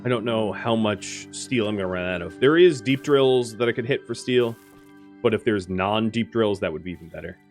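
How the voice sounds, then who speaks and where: Lower-voiced man commentating his game. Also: moderate pace, soft background music. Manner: thinking aloud, explanatory, with frequent fillers. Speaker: gaming video host.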